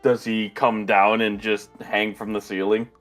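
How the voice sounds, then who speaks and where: A man's voice: fairly low pitch, little pitch movement, a little slow, fairly bright tone, faint music behind. Easygoing man playing a tabletop game. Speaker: player. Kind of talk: casual tabletop play.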